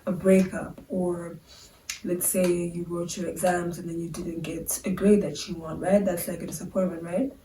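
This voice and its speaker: A woman's voice: lowish voice, warm tone, a little hiss or hum. A young woman, a vlogger, talking candidly and casually to the camera, with lots of filler words. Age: young adult. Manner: chatty, filler-heavy, candid. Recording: roomy sound, a bit far from the mic.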